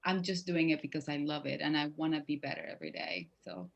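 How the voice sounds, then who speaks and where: A woman in her forties talks through an interview in English with a clear Spanish accent. She is animated, laughing often and slipping into playful acted-out quotes. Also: deep voice, fast, muffled recording. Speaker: guest actress. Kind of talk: casual interview chat.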